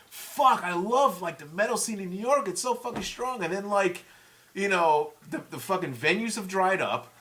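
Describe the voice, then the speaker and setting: A man in his forties talks as a guest in a casual chat, cursing freely through heated stories. His voice sits a little high and sounds bright and forceful. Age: 40s. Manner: profane, heated storytelling. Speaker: guest musician.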